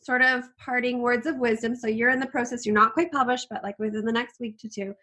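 A woman hosting a relaxed podcast interview. Her voice sits a little high with a slight husk. She sounds enthusiastic and engaged as she asks her questions. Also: fairly quick, husky. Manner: enthusiastic, laughs often. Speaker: podcast host. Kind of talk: casual conversational interview.

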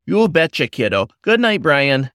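A man's voice: on the high side, very animated, normal speed, fairly bright tone, smooth, dry recording, clean studio sound, voice pushed up. A man voicing an older, folksy, jovial male timberwolf politician who talks in a chummy, hearty way. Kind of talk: storybook character voice.

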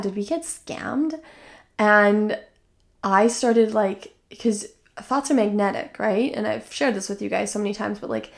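Woman podcaster rambling through a personal story, loose and chatty, lots of likes. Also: mid-range voice. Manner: chatty, many "like" fillers, laughs while telling. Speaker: podcast host.

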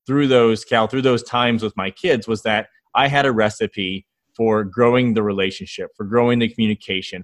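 A man in his thirties, a guest in an interview, telling lively stories about his kids and acting out their quotes. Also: on the low side, no room sound. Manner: enthusiastic storyteller, acts out quotes. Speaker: guest, fatherhood author and founder. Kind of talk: conversational interview storytelling.

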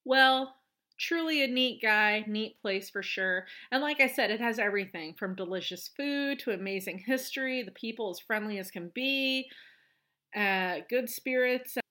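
A woman hosting a podcast in an easy, bubbly way, often laughing. Her voice sits a little high and has a bright, forward edge. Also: moderate pace. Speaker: podcast host. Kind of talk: casual interview chat.

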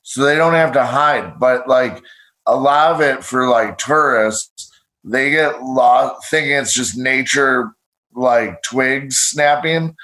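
A man's voice: mid-range voice, slow pace, sharp tone, rough recording. Podcast co-host, man, blunt and easygoing, casual chat. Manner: blunt, laid-back, says dude a lot.

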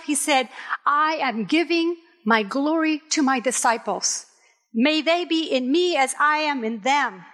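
A middle-aged woman pastor from Puerto Rico, preaching a candid sermon with personal stories and emphatic, drawn-out phrases. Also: sits high, fairly bright tone. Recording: reverberant hall.

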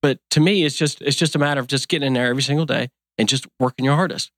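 A man's voice: mid-range voice, very fast, a bit bright, no room sound, studio quality. A man in his fifties who owns a donut shop, talking in a casual interview in an earnest, folksy, rambling way. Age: 50s.

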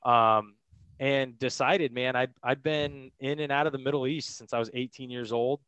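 Man, casual candid storyteller, smooth clear tone, dry room. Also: medium pitch, fairly even intonation, normal speed, a bit bright, no echo, lo-fi sound. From United States. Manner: casual, frank, loose with fillers. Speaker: podcast guest.

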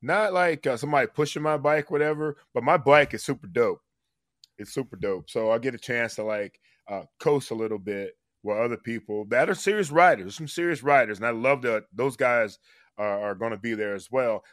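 A man giving a casual radio interview as a guest, earnest and heartfelt, his voice dropping softer on serious points. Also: medium pitch, a little fast, no room sound, clean studio sound. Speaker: guest, former player.

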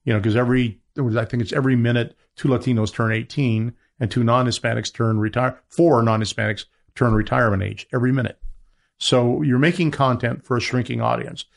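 A man talking as a guest in a business interview, rambling with many restarts as he makes his pitch. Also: fairly even intonation, a little fast, creaky. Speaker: media entrepreneur guest.

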